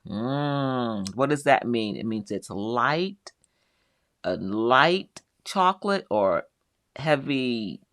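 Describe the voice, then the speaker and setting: A middle-aged woman hosts a live quilting show, chatting casually as she reads viewers' comments aloud and answers each in turn. Her voice is rumbling and low yet fairly bright, recorded clean and dry in a studio.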